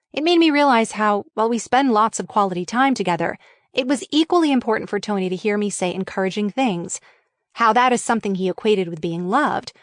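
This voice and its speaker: A woman's voice: mid-range voice, no room sound. A woman reading her memoir as an audiobook, frank and wryly candid in delivery. Her voice sits in a middle register, recorded close on a studio mic in a dry, dead booth.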